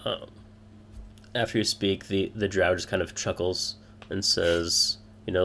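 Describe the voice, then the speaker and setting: A man with a fairly low voice narrates a tabletop fantasy game as game master. He pauses often and fills the gaps with ums and uhs. A faint hum runs underneath. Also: steady tone, gravelly, sharp tone. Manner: hesitant, filler-heavy.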